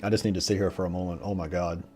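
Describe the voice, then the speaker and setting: A male streamer commentates a game he is playing, swearing freely and reading text aloud. His voice is low and mellow. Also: level tone, very fast, faint music behind. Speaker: gaming streamer. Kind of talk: let's play commentary.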